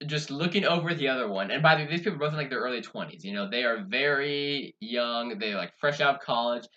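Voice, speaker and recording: A man's voice: mid-range voice, quick pace, muffled recording. A young man co-hosting a podcast, telling a story casually and acting out the people in it. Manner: animated, laughing, acts out quoted people. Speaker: podcast co-host.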